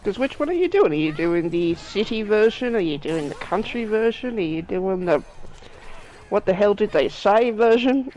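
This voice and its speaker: A man's voice: high-pitched, very animated, moderate pace, darkish tone, a little hiss or hum. An Australian man chatting casually while playing a game on stream, laughing and swearing freely. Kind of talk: casual chat over gameplay. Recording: game music playing behind.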